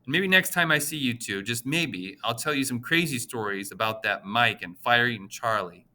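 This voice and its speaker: A man's voice: medium pitch, animated, normal speed, bright, forceful tone. A man voicing a small, chatty older male pharmacist with a nasal voice and a friendly, gossipy way of talking in an audiobook. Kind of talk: audiobook character voice.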